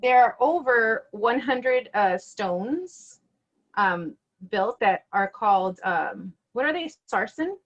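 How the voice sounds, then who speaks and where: A woman's voice: fairly high pitch, expressive, takes it slowly, dull audio. Giggly American woman co-host. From United States. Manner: giggly, chatty. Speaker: podcast co-host. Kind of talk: casual podcast chat.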